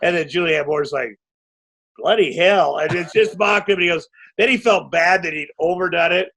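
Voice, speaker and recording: A man guesting on a podcast, telling a rambling, self-interrupting anecdote and breaking into loud acted quotes. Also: sits high, brisk, creaky. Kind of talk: anecdotal storytelling.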